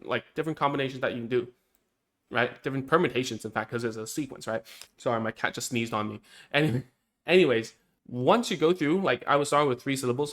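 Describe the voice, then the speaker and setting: A man's voice: mid-range voice, fairly bright tone. A speech therapist explaining speech-disorder treatment steps in a casual, conversational way, often tagging lines with "right?" and "man". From Cantonese-speaking Chinese community. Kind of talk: casual teaching talk.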